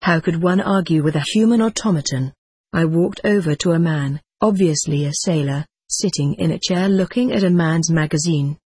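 Audiobook narrator, husky, measured and reflective, dry close recording. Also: medium pitch, a little mellow, no echo. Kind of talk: scripted first-person narration.

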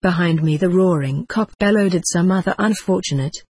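Audiobook narrator, husky, measured and reflective, dry close recording. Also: medium pitch, a little mellow, dry recording. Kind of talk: scripted first-person narration.

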